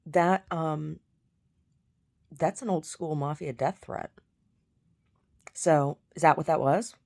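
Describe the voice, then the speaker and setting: A woman rants straight to camera in a low, deep voice. Her talk is blunt and heated, full of swearing and repeated outrage. It sounds like a casual home vlog. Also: takes it slowly, gravelly, darkish tone. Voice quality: blunt, profane, agitated. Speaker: vlogger.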